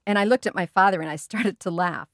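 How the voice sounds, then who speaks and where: A woman narrating a children's storybook in a lively, expressive way. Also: mid-range voice, quick pace, no room sound, clean studio sound. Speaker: audiobook reader.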